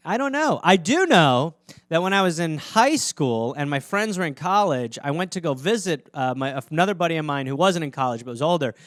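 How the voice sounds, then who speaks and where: A man's voice: on the high side, lively intonation, fairly quick, a bit bright, no room sound, clean studio sound. A man hosting a comedy podcast, riffing alone in a rambling, sarcastic, mock-outraged way. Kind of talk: solo comedic riffing monologue.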